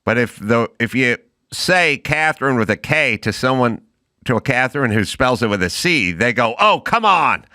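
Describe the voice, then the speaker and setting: A man's voice: mid-range voice, normal speed, bright, forceful tone, dry recording, studio quality. A man hosting a casual chat, asking questions in a jokey, self-deprecating way. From United States. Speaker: podcast host.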